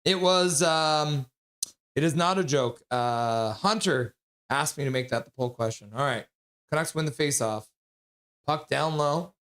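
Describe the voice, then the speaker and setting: A man streaming live play-by-play commentary, joking with viewers between calls and getting loud and excited on big plays. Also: on the high side, measured pace. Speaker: streamer calling the game live.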